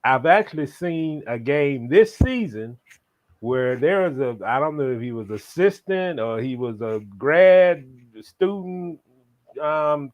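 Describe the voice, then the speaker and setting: A sports reporter from Florida joins the chat over a slightly dull, muffled line. He talks in a halting way, circling back and restarting his sentences. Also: a little high. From Jacksonville, Florida. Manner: halting, many restarts and fillers.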